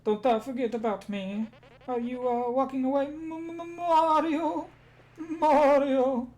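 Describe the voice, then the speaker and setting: A woman's voice: fairly even intonation, slow, darkish tone. A woman voicing a scared young man trapped and folded up, pleading and stammering as she reads game dialogue aloud on stream. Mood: panicky. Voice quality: strained high put-on voice. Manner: panicky pleading, stammering, cries out.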